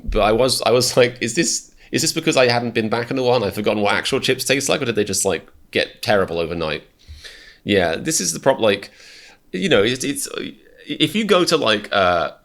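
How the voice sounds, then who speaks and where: A man's voice: lowish voice, a bit bright. A British man hosting a reaction video, rambling through self-mocking rants with many restarts. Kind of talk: casual reaction commentary.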